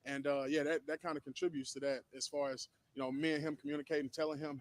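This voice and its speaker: Man, football player, quick speech, earnest, explaining, lots of fillers. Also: a little high, flat delivery. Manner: earnest, explanatory, full of fillers like "you know". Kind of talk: answering interview questions.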